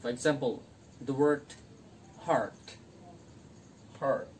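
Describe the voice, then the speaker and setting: A young student teacher from Indonesia talks through an English grammar lesson at a very slow pace. Each example word comes twice, and the phrasing is non-native. The mic sits some way off, with faint noise behind. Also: medium pitch, darkish tone, recorded from a distance, low-quality recording. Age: young adult.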